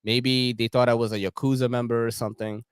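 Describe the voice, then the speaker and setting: Speaking a little fast at medium pitch, this young Filipino host has a clear, resonant tone on a dry recording. His casual livestream chat is slangy, with laughter running through his animated stories.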